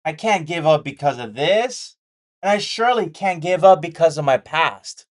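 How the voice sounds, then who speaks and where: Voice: medium pitch, lively intonation, normal speed. A day trading vlogger talking candidly and casually, repeating key points and making jokey asides while sketching a chart.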